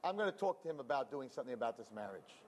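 A man's voice: medium pitch, big pitch swings, racing, darkish tone, a little hiss or hum, voice pushed down, lightly acted. Man doing a scolding old mother-in-law. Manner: scolding, indignant. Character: stern domineering mother-in-law, older woman.

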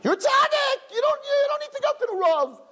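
A man voicing the body's tempting inner voice as a flattering father figure who brushes off every worry. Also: very high voice, a little fast, voice pushed up, heavily acted. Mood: soothing. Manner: wheedling, reassuring, brushing off worries.

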